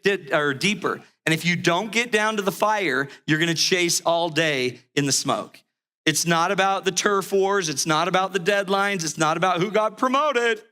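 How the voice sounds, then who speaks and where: Middle-aged male relationship speaker, animated storyteller, high bright voice. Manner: animated storyteller, acts out characters. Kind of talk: motivational talk with acted-out stories.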